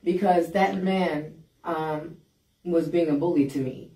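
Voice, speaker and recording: A woman guest on a podcast telling a story in a blunt, animated way and acting out what people said. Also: fairly low pitch, slow. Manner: blunt, animated, acts out quoted lines. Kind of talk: casual storytelling. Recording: roomy sound, mic at a distance.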